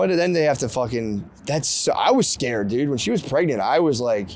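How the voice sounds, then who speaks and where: A man's voice: medium pitch, expressive, normal speed, creaky, few pauses, a little mellow, a little hiss or hum. A man in his thirties chatting casually outdoors by the water, loose and profane, laughing often. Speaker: podcast co-host on a fishing trip. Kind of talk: casual chat.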